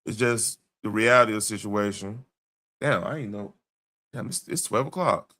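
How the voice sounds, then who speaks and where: A man's voice: on the low side, normal speed, bright, forceful tone. A tired man hosting a late-night livestream, talking in a loose, blunt, slangy way with his voice wearing out. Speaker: livestream host.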